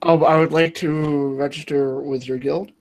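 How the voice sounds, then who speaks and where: A man's voice: on the high side, steady tone, normal speed, darkish tone, a little hiss or hum. A man playing a tabletop game, describing his character's actions casually in first person. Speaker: player.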